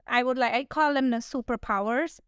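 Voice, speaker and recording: A woman hosting an interview podcast, asking questions hesitantly with many pauses and ums. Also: on the high side, fairly bright tone, clear, resonant tone, dry recording, studio quality. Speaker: podcast host. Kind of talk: casual interview chat.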